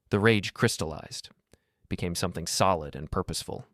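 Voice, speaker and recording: A middle-aged man narrating a first-person story in a steady, grave, measured way. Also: deep voice, no echo, studio quality.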